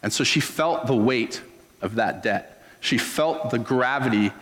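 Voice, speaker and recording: A man's voice: mid-range voice, unhurried, a bit bright, in a large hall. A man preaching a sermon as a pastor, in an earnest, conversational storytelling manner.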